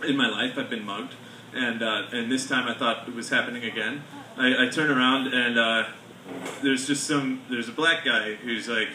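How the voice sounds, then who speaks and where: A man doing stand-up comedy at a bar venue, telling a rambling story with halting delivery and many fillers. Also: on the high side, pushed and bright, slight background noise. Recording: echoey room, mic from far off.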